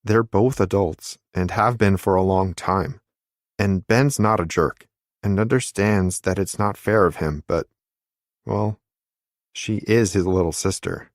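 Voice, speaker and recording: A man narrating an audiobook in a measured, wry storytelling manner. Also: lowish voice, no echo, studio quality.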